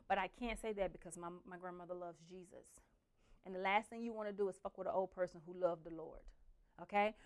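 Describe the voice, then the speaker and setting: A young adult woman telling family stories in a casual, profane, animated way, slipping into the voices of her relatives. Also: medium pitch, brisk. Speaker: storyteller. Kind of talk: casual storytelling.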